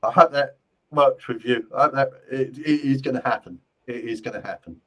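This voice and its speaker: Brief: male medium hosting a live stream, mid-pitched, chatty and repetitive, stumbles over restarts. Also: brisk, fairly bright tone, low-quality recording. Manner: rambling, repeats phrases, stumbles on restarts. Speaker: spiritual medium and host. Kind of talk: live-stream psychic readings.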